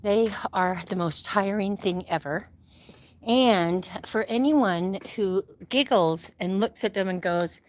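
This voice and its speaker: A woman's voice: medium pitch, takes it slowly, a little mellow, no echo. A middle-aged woman from Utah, out of breath as she walks and exercises outdoors, rambling chattily into her phone and laughing often. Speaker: livestream host. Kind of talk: casual live-stream chat while exercising. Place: outdoors, walking.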